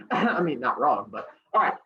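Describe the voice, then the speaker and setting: A man with a somewhat high voice and a measured pace teaches middle schoolers online, reviewing with them while joking and doing silly voices. His manner is animated and full of humor. Captured over a video call, the audio is dull, echoey and distant, with faint noise.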